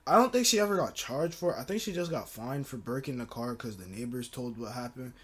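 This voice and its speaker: A man's voice: medium pitch, animated, a little fast, fairly bright tone, breathy edge. A young man hosting a story time, telling a story casually in loose slang with lots of fillers. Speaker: storytelling channel host.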